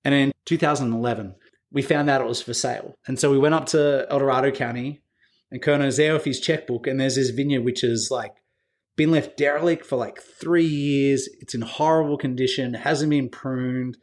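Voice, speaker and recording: A man speaks as a podcast guest, casually spinning stories about his work at a winery. He leans on fillers like "like" and "you know" and acts out back-and-forth dialogue. His voice sits at an ordinary middle pitch for a man. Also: fairly even intonation, moderate pace. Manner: anecdotal, acts out quoted dialogue with filler words. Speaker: winery executive, interview guest. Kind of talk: casual storytelling interview.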